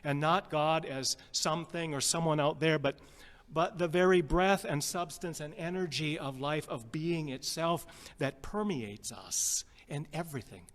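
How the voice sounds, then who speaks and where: A male pastor from the Upper Midwest, telling a story in a sermon in a gentle, halting way and repeating phrases. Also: a little high. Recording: long reverb with guitar music behind.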